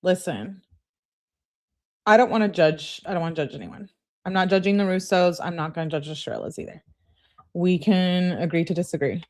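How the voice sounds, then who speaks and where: A woman's voice: fairly low pitch, moderate pace, pauses often, darkish tone. A woman streamer giving casual, reflective commentary to her chat. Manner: chatty, reflective, many fillers. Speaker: streamer reacting to a video.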